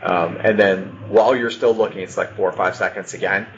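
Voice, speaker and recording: A man narrating a tabletop game as game master, describing scenes in a relaxed way with fillers. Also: deep voice, a little fast. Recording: dull lo-fi audio with noise.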